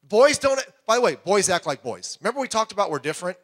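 A middle-aged male pastor delivering a sermon in a rather high voice. He talks in an animated way and slips into quoted voices with big leaps in pitch. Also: rapid-fire.

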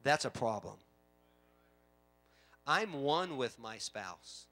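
A middle-aged man, a pastor preaching a sermon in church, shifting from low conversational asides to loud emphatic preaching. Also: big pitch swings, slow. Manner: conversational, with frequent asides and repetitions. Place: church sanctuary.

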